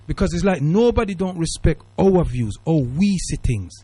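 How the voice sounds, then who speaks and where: A man hosting a call-in radio show, his British accent shot through with Jamaican Patois. He talks in an emphatic, preachy way, his fairly high voice swinging widely up and down. The studio sound is dry and close. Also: animated, normal speed, mellow, breathy edge, no room sound. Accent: Jamaican Patois-tinged British English. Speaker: radio talk show host. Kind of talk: casual call-in radio talk.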